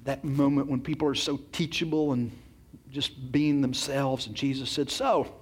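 A husky-voiced man of medium pitch delivers a sermon at normal speed, his tone flat yet earnest and emphatic. He keeps repeating words and turns to the congregation with direct questions.

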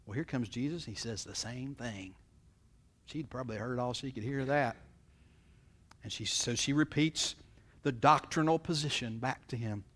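A man preaching a sermon in a folksy, conversational way, often acting out what people say. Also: moderate pace. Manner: folksy, conversational, acts out quotes with swings in pitch and loudness. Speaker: pastor.

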